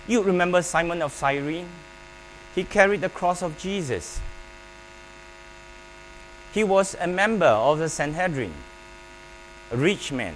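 Emphatic preacher, man, higher voice. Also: animated, rough recording. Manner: emphatic, with pauses and call-and-response prompts. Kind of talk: sermon. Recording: faint mains hum.

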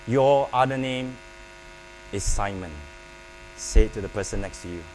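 A man preaching a sermon, emphatic and paced with pauses, calling on the congregation to repeat his words. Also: on the low side. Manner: emphatic, with pauses and call-and-response prompts. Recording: faint mains hum.

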